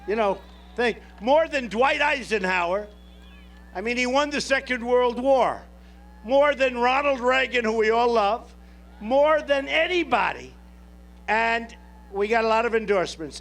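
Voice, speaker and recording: A man's voice: very high voice, moderate pace, fairly bright tone. A man making a campaign rally speech at an outdoor airport rally, boastful and repetitive, speaking off the cuff to the crowd. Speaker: presidential candidate at a rally.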